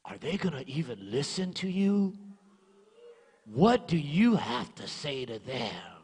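A sneering devil hisses doubts in a low, taunting whisper, as a preacher puts him on. The voice rings out with a long hall echo behind it. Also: male voice, very animated, measured pace, darkish tone, breathy edge, exaggerated voice.

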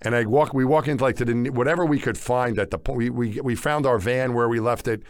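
A man's voice: medium pitch, steady tone, fast talker, dry recording. Man from the United States, casual co-host, rambling with restarts, dry close recording. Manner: rambling, many restarts and fillers. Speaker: podcast co-host. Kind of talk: casual chat.

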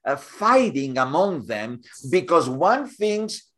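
Guy guest on a podcast, slow talker, voice jumps around a lot, keeps restarting his sentences. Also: on the high side, animated, a bit bright. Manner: halting, repeats words while searching. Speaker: guest speaker. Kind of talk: conversational interview.

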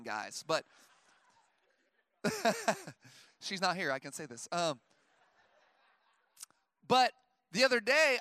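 A man's voice: sits high, dry recording. A man in his thirties, a pastor preaching a sermon to his church, mixing fervent calls with chatty, filler-laden stories. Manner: preaches with rising intensity, then tells stories in a relaxed aside; conversational, with many fillers like "like" and "you know". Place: church service before a congregation.

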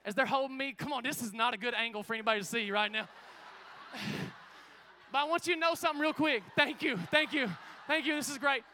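High bright-voiced preaching pastor. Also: male voice, quick pace, slight background noise. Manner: emphatic preaching with call-outs to the congregation. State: out of breath. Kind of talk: energetic sermon.

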